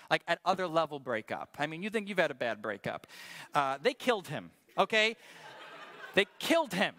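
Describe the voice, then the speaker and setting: Bright-voiced, animated male pastor. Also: on the high side. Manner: animated, joking, with quick restarts. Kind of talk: conversational sermon.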